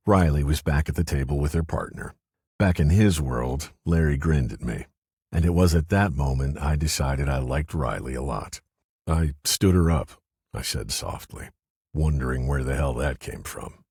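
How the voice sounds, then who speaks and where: Husky very deep male narrator. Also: darkish tone, no echo, clean studio sound. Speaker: audiobook narrator. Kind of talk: scripted first-person narration.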